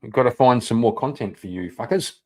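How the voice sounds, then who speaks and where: Hosting a live stream, a man talks a little fast in a medium-pitched voice. He chats casually in response to viewers, rambling, swearing and laughing frequently.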